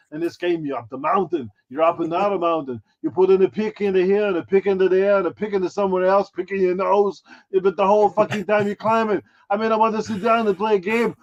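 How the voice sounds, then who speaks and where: A man's voice: sits high, creaky, husky, muffled recording, full character voice. A man doing a brash action-star impression. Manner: brash, crude, self-promoting bragging. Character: boastful male action-movie star impression. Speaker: guest impressionist. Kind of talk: podcast chat in character.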